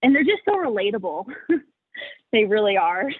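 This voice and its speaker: A young woman, the founder of an animal sanctuary, chats casually as an interview guest, peppering her answers with "like" and laughing a lot. Her mid-range voice swings widely in pitch, moves a little slowly and sounds slightly rough. The recording is dry and narrow like a phone, with no room sound.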